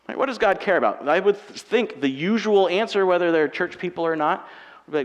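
A man in his thirties preaching a conversational sermon as a pastor, moving between quiet, chatty asides and loud, emphatic passages in a church auditorium. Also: a little high, lively intonation, fairly quick. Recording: hall reverb from a church sanctuary.

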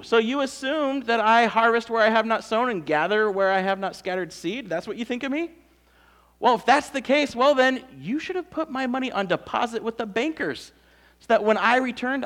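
A man voicing a generous, enthusiastic master of servants in a sermon, talking in effusive, excited praise. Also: high-pitched.

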